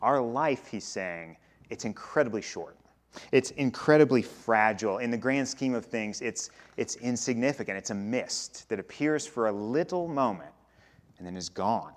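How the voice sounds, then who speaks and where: A man's voice: medium pitch, lively intonation, moderate pace. A man in his thirties, a pastor, preaching a sermon in a conversational way, often repeating and restarting phrases.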